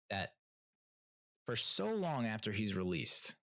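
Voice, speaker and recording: A man's voice: on the low side, sing-song, a little slow, creaky, pauses often, sharp tone, dry recording, clean studio sound. A man hosting a podcast, talking in a rambling, casual way with lots of fillers and restarts, blunt and sometimes profane. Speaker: podcast host. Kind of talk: casual solo rant and TV review.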